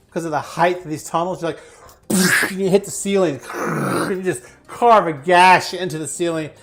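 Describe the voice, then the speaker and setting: Laughing tabletop game master. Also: mid-range voice. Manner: laughs through vivid descriptions. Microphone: headset or desk mic in an online stream.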